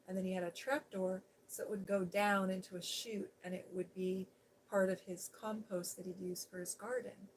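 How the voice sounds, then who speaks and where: Middle-aged lady telling a story soft and chatty, medium pitch, bit of hiss behind. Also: level tone, normal speed, low-quality recording. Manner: soft-spoken, chatty with fillers. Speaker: ASMR host. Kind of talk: softly spoken personal storytelling.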